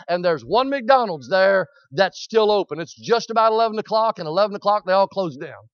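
A man's voice: high voice, no room sound, muffled recording. A middle-aged man preaching a sermon, telling a folksy story with frequent amens and rising to hollering.

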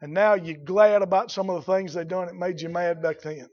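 Male preacher, plainspoken sermon, high voice, muffled old recording. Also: steady tone, brisk. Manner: folksy, blunt, builds to shouting.

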